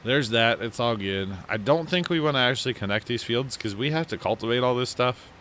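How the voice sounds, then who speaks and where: A man's voice: medium pitch, fairly quick, fairly bright tone, slight background noise. A man casually commenting on his own farming game, rambling and mocking his own slips, sleepy after a big lunch. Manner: rambling, self-mocking, yawning. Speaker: let's play host.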